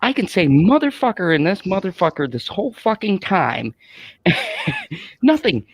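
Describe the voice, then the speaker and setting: Man, gravelly voice, lively swearing stream host, dry close sound. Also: high voice, measured pace, no echo. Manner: animated, swearing, ranting. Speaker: host of a late-night live stream. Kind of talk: casual profane livestream chat.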